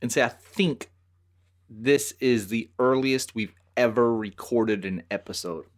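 A man's voice: medium pitch, measured pace. A man hosting a podcast, telling stories in casual chat, swearing and acting out voices. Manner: animated storyteller, swears, acts out voices. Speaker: podcast host.

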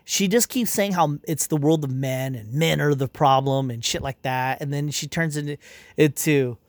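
A man's voice: on the high side, normal speed, dry recording, clean studio sound. A man ranting casually and irritably, rambling with lots of filler words, swearing and restarted sentences. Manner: irritated, dismissive. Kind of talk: casual spoken review rant.

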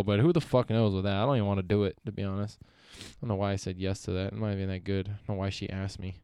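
Young male podcast host, solo monologue: smooth, clean voice, dry close mic, meandering and profane. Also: on the low side, steady tone, quick pace, few pauses, mellow, no echo. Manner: profane, meandering, self-interrupting.

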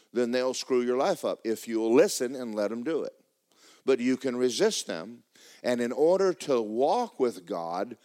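A man preaching a sermon as pastor in a church, emphatic and repetitive, breaking into fervent shouted prayer. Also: mid-range voice.

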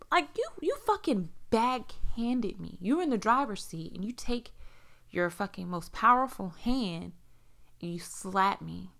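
Creaky, bright and forceful, this forties-aged woman's voice carries a frank personal story, full of free swearing. She's from Las Vegas, USA, and performs quoted speech with large leaps in pitch.

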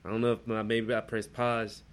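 A man's voice: normal speed, clear, resonant tone. A young man on a podcast telling rowdy stories in a casual chat, acting out the people in them. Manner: animated storyteller, jumps into high voices when quoting people. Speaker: podcast host.

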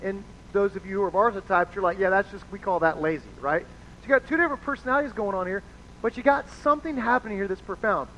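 Man pastor with a high voice, casual sermon delivery, slightly muffled recording. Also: lively intonation, fast, pushed and bright. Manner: casual, chatty, acts out quoted voices. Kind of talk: conversational sermon. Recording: dull lo-fi sound with faint noise.

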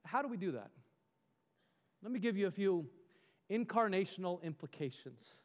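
A male pastor delivers an earnest, exhorting sermon in a fairly high voice, often turning to rhetorical questions. His words ring out with a long reverb from a large hall. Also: sing-song, moderate pace.

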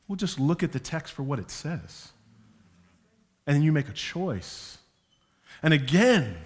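A man preaching a sermon as a pastor, moving from quiet, slow passages to loud, emphatic ones. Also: a little high. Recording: long hall reverb.

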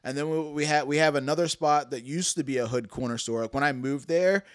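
Smooth-voiced laid-back man. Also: fairly high pitch, no room sound, clean studio sound. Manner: laid-back, slangy, drawn-out phrasing. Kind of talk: casual chat.

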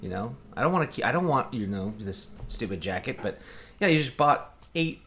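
A man's voice: mid-range voice, slight background noise. A man who works as a bartender, chatting as a co-host and telling stories with acted-out dialogue. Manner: quick, animated storyteller, acts out dialogue. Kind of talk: casual storytelling chat.

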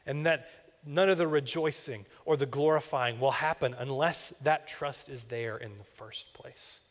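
In a large church hall with long reverb, a young campus minister gives a sermon that flows like storytelling, with personal stories and asides. His voice is medium in pitch and fairly bright.

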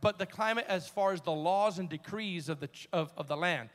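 A pastor delivers a sermon with a notably high voice, pushing some lines up to a shout and letting others fall low and soft. A long reverb from the church hall trails after his words. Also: fairly quick. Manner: emphatic preaching, swings between shouting and quiet asides.

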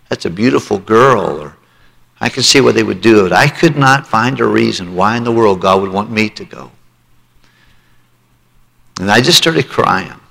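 Gravelly preacher man in a reverberant hall. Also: on the low side, fairly bright tone. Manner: emotional testimony, rising to pleading altar call. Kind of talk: sermon.

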